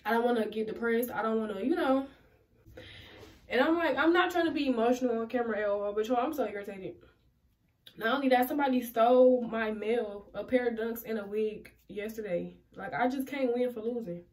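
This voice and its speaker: A woman's voice: on the high side, brisk, a little mellow. A young woman vlogging casually, rambling to her viewers in slang and swearing freely. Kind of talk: casual vlog talk to camera.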